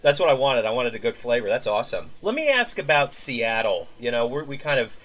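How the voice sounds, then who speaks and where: A man's voice: mid-range voice, sing-song, a little fast, fairly bright tone. A man hosting a jazz interview in a laid-back, casual way. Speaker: jazz show host, interviewer.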